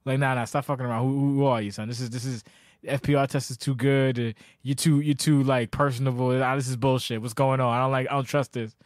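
Profane rambling podcast host, dry sound. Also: male voice, mid-range voice, flat delivery, fast, no echo. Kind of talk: casual podcast chat.

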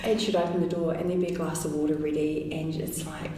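A woman, telling her story as an interview guest in a chatty, animated way full of fillers. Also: low voice, quick pace. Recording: very echoey room, distant mic, faint noise.

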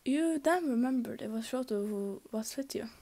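A woman's voice: on the high side, lively intonation, moderate pace, warm tone. Young woman casually reading a fanfic aloud. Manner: casual, amateur reading with slips and restarts. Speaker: fanfic reader.

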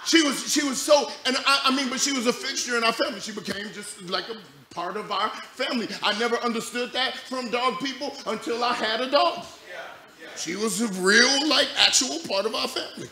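A man preaching a sermon as a pastor, telling a story that swings from loud, laughing bursts to quiet, low passages. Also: a little fast. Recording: echoey room with loud background noise.

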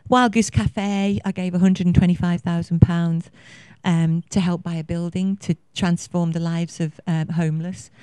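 Her voice is lowish, warm and smooth, recorded with no room sound: a woman in her fifties speaking at a conference. She rambles effusively and passionately, leaning heavily on filler words.

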